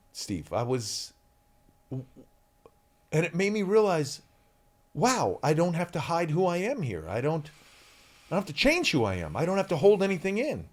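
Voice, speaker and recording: A man in his forties, an actor guest, telling candid stories in an interview with lively energy. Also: fairly high pitch, measured pace, pauses often. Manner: energetic, animated, shouts out quoted lines.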